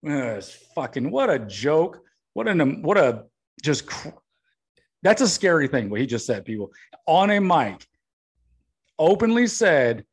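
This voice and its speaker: A man's voice: on the high side, big pitch swings, measured pace, pauses often. A man hosting a podcast, ranting bluntly about politics and swearing often. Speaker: podcast host. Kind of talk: political rant.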